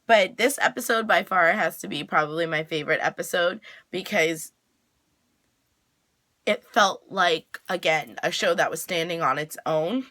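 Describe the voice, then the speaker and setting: A woman's voice: on the low side, unhurried, bright, forceful tone. A woman vlogger giving a chatty, casual recap of a TV episode, full of "like" fillers. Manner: chatty, lots of "like" fillers, acts out the characters' lines. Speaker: TV reaction vlogger.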